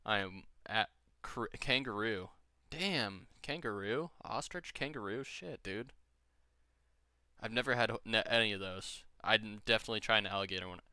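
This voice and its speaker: A man's voice: on the low side, a little fast, hardly any pauses, bright, forceful tone, smooth, no echo, clean studio sound. A young man chatting casually with friends while gaming, rambling, joking and swearing freely. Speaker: gamer streaming with friends.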